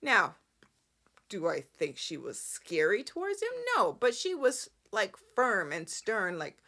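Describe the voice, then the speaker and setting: A woman's voice: medium pitch, big pitch swings, slow pace, bright, forceful tone. A woman hosting a soap opera recap podcast, chatty and opinionated, rambling through the plot with asides. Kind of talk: casual recap chat.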